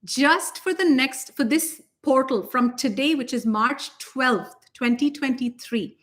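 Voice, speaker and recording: This spiritual teacher, a woman with a fairly high voice, co-hosts a relaxed spiritual conversation with excited, gushing energy and frequent laughter. She keeps a measured pace, and at times her voice moves slightly away from the microphone.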